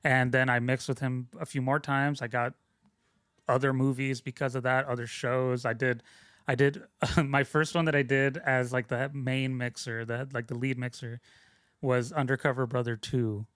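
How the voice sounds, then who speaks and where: A man's voice: medium pitch, little pitch movement, moderate pace, fairly bright tone, dry recording, studio quality. A young adult man telling stories about his career in casual interview talk, loose and rambling, with lots of fillers and restarts. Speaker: guest, film sound mixer.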